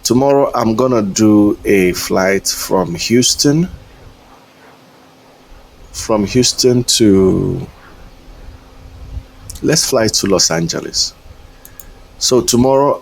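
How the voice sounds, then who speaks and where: Slow, low-voiced man rambling on stream. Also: gravelly, slight background noise. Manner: rambling, hesitant, chuckles often. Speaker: flight sim streamer. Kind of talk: casual live-stream chat.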